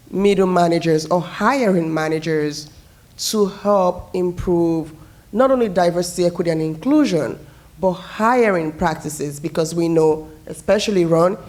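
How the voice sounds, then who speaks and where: A woman from the audience puts a friendly question to the panel, speaking fairly low and moving briskly through it. She speaks to each panelist directly and keeps it conversational. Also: a little mellow. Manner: friendly, quick, addresses panelists by name. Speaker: audience member asking a question. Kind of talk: question from the floor. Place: municipal building meeting room.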